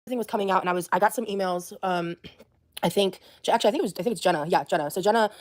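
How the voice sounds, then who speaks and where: A woman talking hesitantly on her livestream, with many pauses and fillers. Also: medium pitch. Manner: hesitant, full of ums. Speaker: streamer being watched. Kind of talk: casual livestream talk.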